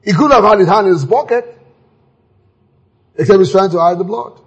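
A man preaching a sermon, animated and acting out scenes with sudden exclamations, his voice very husky. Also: high voice, fairly quick, pauses often.

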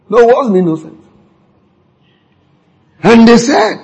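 Man, sermon, husky, lively rises and falls. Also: a little slow, long pauses, low-quality recording. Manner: animated preaching, sudden jumps in pitch, repeated words for emphasis. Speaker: preacher.

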